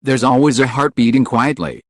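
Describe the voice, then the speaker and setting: A man's voice: medium pitch, fairly even intonation, moderate pace, dry recording, studio quality. A man giving a scripted, dramatic narration with solemn, lingering emotional phrasing. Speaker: channel narrator.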